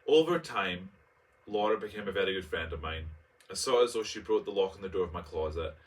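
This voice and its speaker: A man's voice: deep voice, animated, fast talker, distant mic. A man, reading his own personal essay aloud and breaking off for camp, playful asides. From Scotland. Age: late 20s. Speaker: vlogger.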